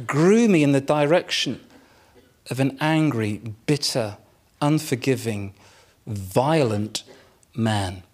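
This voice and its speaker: A man preaching a sermon, telling a personal story in a candid, self-mocking way with dramatic pauses. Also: medium pitch, expressive, darkish tone. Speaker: pastor.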